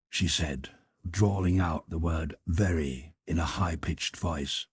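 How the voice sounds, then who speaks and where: A man narrating a classic novel as an audiobook reader in a breathy, measured storytelling voice. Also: extremely low pitch, no echo, clean studio sound. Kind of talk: scripted narration.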